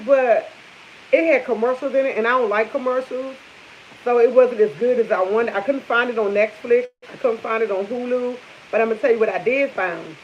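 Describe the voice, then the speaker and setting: A woman vlogger chatting casually with live viewers over morning coffee, rambling and repeating herself. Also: mid-range voice. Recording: dull lo-fi sound with faint hiss.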